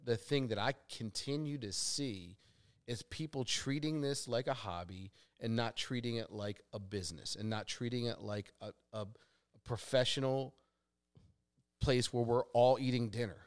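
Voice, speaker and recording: A man's voice: medium pitch, normal speed, smooth, no room sound, studio quality. A man who is a guest on a podcast, talking bluntly and with animation in casual chat.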